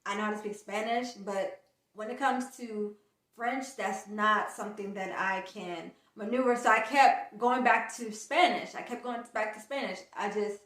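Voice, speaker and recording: A woman's voice: medium pitch, normal speed. A woman vlogger telling a casual storytime and acting out the dialogue as she goes. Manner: animated storyteller, acts out quoted dialogue. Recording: echoey room, distant mic.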